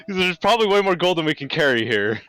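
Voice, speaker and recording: A man at a tabletop game, wry and joking as he narrates what his character does. His pitch moves in a lively way, with faint music behind. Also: fast, smooth, no room sound. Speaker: player. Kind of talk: casual tabletop game chat.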